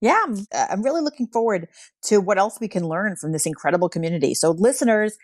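A woman's voice: medium pitch, animated, quick pace, no room sound, studio quality. A woman co-hosting a podcast, chatting casually as she presents survey results, with frequent fillers and easy laughs. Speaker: podcast co-host.

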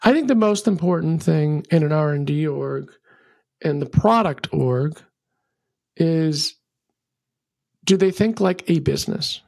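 A middle-aged man, a podcast guest, giving animated conversational advice with lots of ums and a rambling, energetic way of storytelling. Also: on the high side, measured pace, vocal fry, long pauses, no echo, studio quality. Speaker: podcast guest, venture capitalist.

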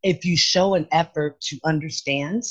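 A woman co-hosting a podcast, chatting casually and telling stories in an emphatic, animated way. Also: deep voice, moderate pace, breathy edge, lo-fi sound. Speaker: podcast co-host. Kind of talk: casual chat.

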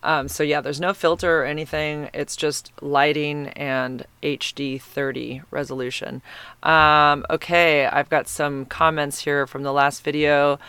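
A man's voice: fairly high pitch, little pitch movement, measured pace, pushed and bright, smooth, no room sound. A man in his fifties hosting a casual solo podcast, gushing and rambling with plenty of fillers. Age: 50s. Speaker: podcast host.

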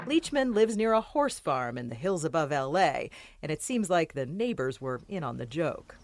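List: woman, news narrator, expressive pitch, slightly low, scripted. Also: normal speed, very noisy.

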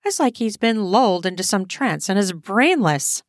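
A woman narrates an erotic audio story in a steady, explicit storytelling manner. Her voice sits close to the mic with a dry, dead sound. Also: medium pitch, normal speed, no room sound.

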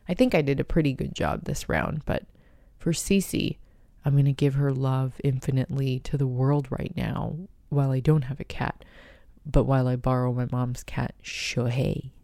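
A woman hosts her own podcast in a gentle, heartfelt, unhurried voice. Her tone is dark and mellow, with a gravelly edge. The recording is close and dry. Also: a bass voice, dry recording. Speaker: podcast host. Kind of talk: personal podcast talk.

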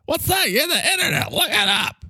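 A man voicing a bossy, excitable male microphone character with a high squealing, whiny voice. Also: moderate pace, husky, dry recording, clean studio sound, full character voice.

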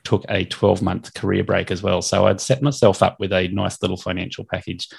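A man's voice: low-pitched, steady tone, brisk, creaky, breathy edge. A middle-aged Australian man with an Australian accent, chatting in an easygoing, joking way as a podcast guest. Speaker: podcast guest, lawn care business owner. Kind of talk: casual interview chat.

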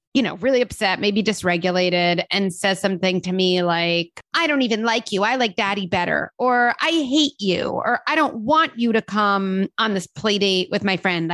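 A woman's voice: medium pitch, fairly bright tone, no echo. A woman in her thirties, a parenting podcast host, explaining in an earnest, conversational way and briefly acting out what children and parents say. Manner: earnest, explanatory, acts out quoted voices.

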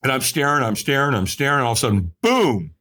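Guy telling a big dramatic story on a podcast, bit husky, voice jumps all over. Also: very animated, quick pace, sharp tone. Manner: dramatic, acts out quotes with big pitch jumps. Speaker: podcast guest. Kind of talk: animated storytelling.

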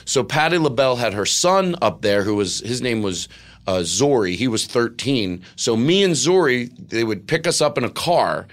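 A man's voice: medium pitch, expressive, normal speed. A middle-aged man, a comedian, telling a rambling personal story with lots of quoted dialogue. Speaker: guest comedian. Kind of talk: casual storytelling.

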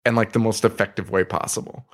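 A man co-hosting a podcast, casually retelling a film scene with excitement, swearing and laughing. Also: on the low side, fast talker. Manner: excitable retelling, swearing, putting on silly voices. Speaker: podcast co-host. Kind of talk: casual film-review chat.

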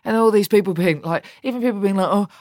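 A woman's voice: medium pitch, fast, dry recording, clean studio sound. Blunt, candid woman. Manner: blunt, animated, swears freely. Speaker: interview guest, politician and author. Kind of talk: candid conversational interview.

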